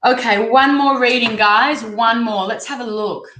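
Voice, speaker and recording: Her voice is fairly high and fairly bright, and she takes her time. This young Australian tarot reader rambles chattily while thinking aloud on a live stream, recorded in an echoey room with faint background noise.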